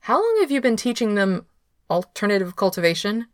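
A woman voicing a playful, quick-witted young male cultivator who talks with bright, incredulous energy. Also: medium pitch, big pitch swings, no room sound, studio quality, pitched above the performer's own voice, lightly acted. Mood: questioning.

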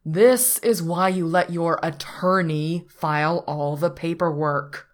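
A woman voicing a dry, long-suffering male attorney who speaks in a measured, wry way. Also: on the low side, fairly even intonation.

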